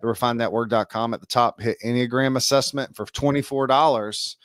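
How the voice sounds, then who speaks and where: A man's voice: medium pitch, steady tone, fairly quick, fairly bright tone, no room sound. Chatty man co-hosting, dry sound. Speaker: webinar co-host. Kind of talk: casual webinar talk.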